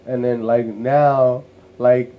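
A man from New York City, co-hosting a casual podcast conversation and telling family stories in a lively, animated way. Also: medium pitch, takes it slowly, narrow, tinny audio. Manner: lively storyteller who acts out family voices. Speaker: co-host.

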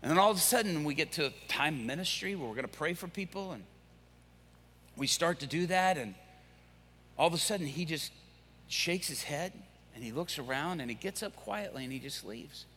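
A male pastor preaching, telling a story with lively acted-out quotes. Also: on the high side, fairly quick, pauses often, husky. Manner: animated, acts out quoted voices. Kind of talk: sermon storytelling. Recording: echoey hall.

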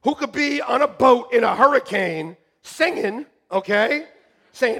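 A middle-aged male pastor preaching a sermon in church, joking and animated, swinging from shouting to hushed. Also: extremely high pitch, measured pace. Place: church sanctuary.

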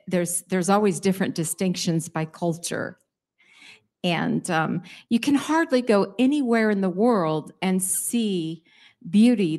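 A middle-aged woman giving a chatty church testimony to the congregation, with some fillers and lively emphasis. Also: fairly low pitch. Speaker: pastor's wife sharing a report.

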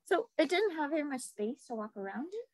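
A young woman in casual conversation, chiming in quickly with laughing asides. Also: sits high, big pitch swings. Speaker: storytelling guest, daughter. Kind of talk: casual podcast chat.

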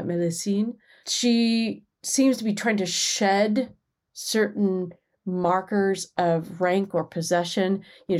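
A middle-aged woman, a music scholar, giving a measured, explanatory talk from a prepared script. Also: medium pitch, darkish tone. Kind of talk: scripted lecture podcast.

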